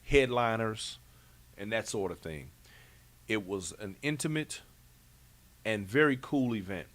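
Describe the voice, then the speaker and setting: A man's voice: lowish voice, measured pace. Laid-back man hosting. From Chicago. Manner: relaxed, emphatic, slangy Chicago talk. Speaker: show host. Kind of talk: casual recap chat.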